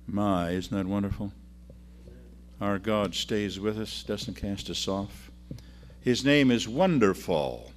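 A man preaching a sermon and reading scripture aloud, swinging between loud emphasis and quiet drops. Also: on the low side, expressive, slow, a little hiss or hum.

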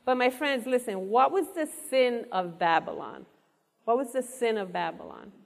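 A woman's voice: fairly high pitch, lively intonation, moderate pace, vocal fry. A woman preaching an interactive sermon, asking her listeners questions and repeating their answers back to them. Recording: long reverb of a large hall.

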